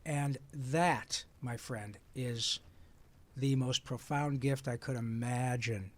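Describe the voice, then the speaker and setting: A man in his sixties from Michigan, a voice actor guest telling lively stories in conversation and slipping into playful character voices. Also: medium pitch, slow. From Michigan, USA. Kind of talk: animated storytelling in conversation.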